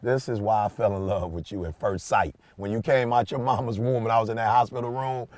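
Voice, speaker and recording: A middle-aged man co-hosting a podcast, chatting casually and telling an animated, slangy story with lots of emphasis. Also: lowish voice, fairly quick, no room sound. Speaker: podcast co-host. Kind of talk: casual chat.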